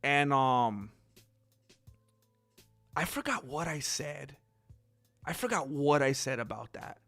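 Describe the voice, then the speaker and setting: A man hosting a live stream, rambling casually to viewers and calling the fight with excitable outbursts. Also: medium pitch, slow, creaky, faint music behind. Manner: rambling, talkative, addresses viewers as bro; excitable, loud bursts when reacting.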